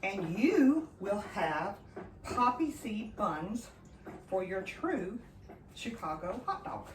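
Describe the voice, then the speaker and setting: Very animated yet slow-paced, a woman with a medium-pitched voice cooks casually in her roomy home kitchen as a vlogger. She's chatty and enthusiastic, treating viewers as friends, though she's far from the mic and the background is noisy.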